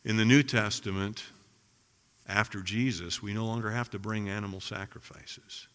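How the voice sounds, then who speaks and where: A middle-aged man preaching a sermon as pastor, emphatic, firing rhetorical questions and swinging between loud and hushed passages. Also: lowish voice, fairly even intonation, normal speed. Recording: long reverb of a large hall.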